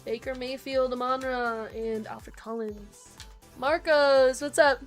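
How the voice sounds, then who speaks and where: A young woman hosting a live card break stream, quickly reading off player names and chatting with viewers. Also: sits high, steady tone. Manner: rapid listing of names, chatty asides to viewers. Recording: faint background music.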